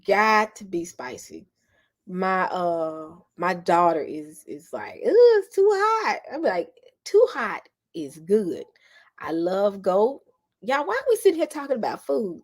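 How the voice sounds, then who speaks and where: A middle-aged woman, chatting casually with her live viewers. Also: fairly low pitch. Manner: chatty, animated, addresses viewers as y'all. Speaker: vlogger talking to live viewers. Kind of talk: casual live-stream chat.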